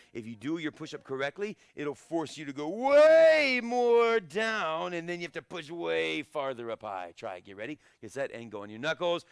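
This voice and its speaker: Male karate instructor, dry close sound, energetic drill calls and jokes. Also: fairly high pitch, gravelly, clear, resonant tone, no room sound. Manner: energetic, shouts encouragement and countdowns, jokes between sets. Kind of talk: live online fitness class coaching.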